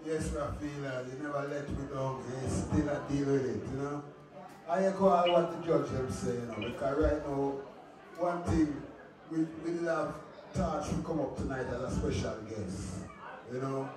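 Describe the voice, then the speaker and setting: A man judging a talent show, speaking slowly with a drawn-out, sing-song delivery. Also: medium pitch. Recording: echoey hall, far from mic, music and crowd.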